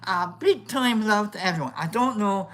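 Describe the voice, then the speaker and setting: A woman's voice: mid-range voice, expressive, normal speed. A woman hosting a casual livestream, reading out chat in a put-on Scottish accent that keeps drifting into other accents. She rambles playfully, mocks herself and swears freely. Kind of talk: casual live-stream chat.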